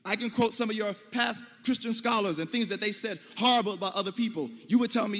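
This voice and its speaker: An American man giving an emphatic debate speech to an audience, pressing his points and rising to near-shouts. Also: high-pitched, fast, hardly any pauses, soft background music. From United States. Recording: long hall reverb.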